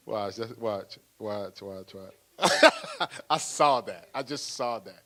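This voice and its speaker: Older man, a pastor with a sermon voice that swings widely and rings bright, playful and animated. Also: on the low side, slow pace, pauses often. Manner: lively, playful preaching with laughter and acted-out asides.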